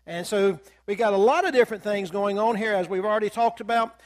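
High-voiced man teaching Bible class. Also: a little fast. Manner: conversational, folksy, drawls out scripture quotes.

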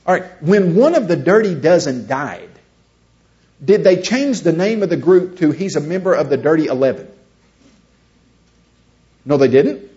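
A man's voice: on the high side, lively intonation, normal speed, long pauses, warm tone. A man giving a conversational teaching lecture, asking his listeners rhetorical questions. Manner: asks the audience rhetorical questions. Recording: dull lo-fi recording.

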